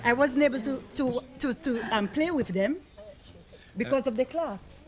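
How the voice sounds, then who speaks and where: A woman's voice: high voice, normal speed, a faint crowd. Hesitant woman from the West Indies. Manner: hesitant, personal. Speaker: audience member.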